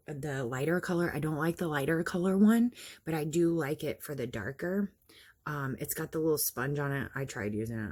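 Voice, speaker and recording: Her voice is rumbling, low, and darkish with a slight huskiness as this makeup vlogger walks through her morning routine step by step. She keeps things chatty and casual, frequently making fun of herself.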